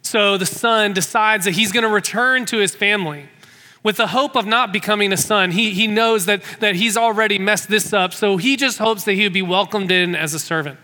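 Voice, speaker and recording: A man's voice: high-pitched, a little fast, bright, forceful tone, in a large hall. A man preaching a sermon, retelling a story with vivid scenes and frequent restarts. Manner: storytelling, repeats words when restarting.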